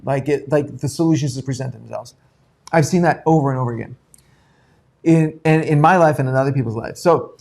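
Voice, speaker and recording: Male live-show host, somewhat higher voice, unfiltered and profane, shifting between hushed and excited. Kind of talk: unscripted live talk.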